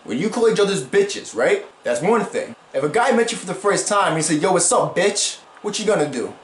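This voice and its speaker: YouTuber man, high-ish voice, rambling slangy drama commentary with plenty of swearing, roomy echo. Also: big pitch swings, brisk.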